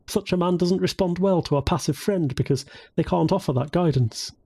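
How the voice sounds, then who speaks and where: A male narrator voicing a cheerful, excitable young woman with a bright, bubbly way of talking. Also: high voice, fairly quick, husky, pitched above the performer's own voice.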